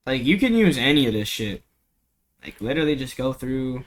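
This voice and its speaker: A man's voice: mid-range voice, big pitch swings, normal speed. A young man giving a casual, rambling music production tutorial at home, full of slang, fillers and swearing, into a cheap desk mic. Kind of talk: casual screen-recorded tutorial.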